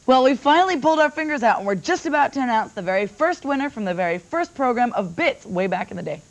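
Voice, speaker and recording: A woman's voice: on the high side, lively intonation, fast talker. Cheeky woman games show presenter. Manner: playful, irreverent.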